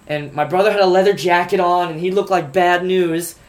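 High-voiced joking male co-host. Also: brisk. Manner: animated, joking storyteller. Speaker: podcast co-host. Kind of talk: casual storytelling chat.

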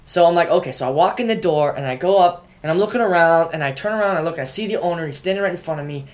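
A man co-hosting a casual podcast, joking and telling stories with big swings in his voice. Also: very fast. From Pittsburgh area. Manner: joking, tells stories with lively swings in pitch. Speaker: podcast co-host. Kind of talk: casual banter.

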